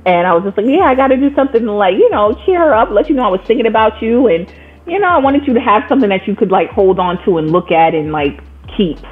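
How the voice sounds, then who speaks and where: A woman's voice: on the high side, fast, husky. Chatty woman on a tinny phone line. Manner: animated storyteller, acts out quoted voices. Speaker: guest, coaching client. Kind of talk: casual conversation.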